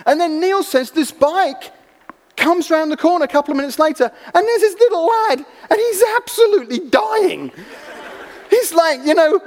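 Guy preaching, really high voice, lively storyteller, big echoey hall. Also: moderate pace. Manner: animated storytelling, acting out voices. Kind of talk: sermon. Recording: long hall reverb.

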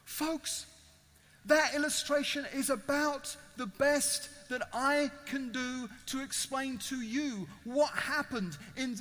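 A man's voice: very high-pitched, bright, forceful tone. Male preacher, evangelistic sermon, dramatic storytelling, long hall reverb. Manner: dramatic storytelling, addressing listeners directly.

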